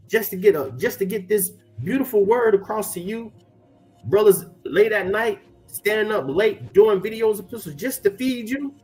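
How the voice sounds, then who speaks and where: A middle-aged man preaching in a slangy, emphatic street style, slowing down deliberately to read out scripture verses and tossing in "man" all the time. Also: sits high, darkish tone, low-quality recording. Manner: slangy, repeats "man" often.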